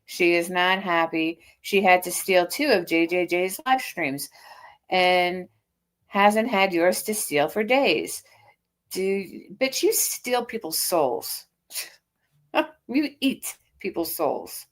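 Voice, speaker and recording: Speaking slowly but with plenty of animation, this fifty-something streamer mocks a critic's posts with sarcastic retorts after reading them out. Her pitch is fairly low, and the stream has a casual reaction feel.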